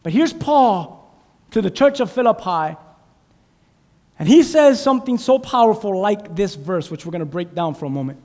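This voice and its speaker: High-voiced preacher in an echoing hall. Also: male voice, expressive, moderate pace. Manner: call-and-response preaching, asks the congregation questions, builds to shouting. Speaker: pastor. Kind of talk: sermon. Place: church sanctuary.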